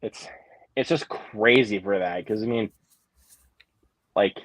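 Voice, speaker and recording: A man's voice: lowish voice, slow, no echo, low-quality recording. A young man hosting a casual live-stream chat, rambling through stories with lots of fillers and restarts. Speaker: host.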